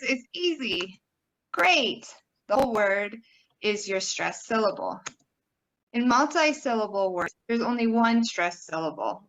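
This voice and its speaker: Upbeat young woman workshop presenter, a bit high-voiced, exaggerates sounds for teaching. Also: fairly bright tone, poor audio.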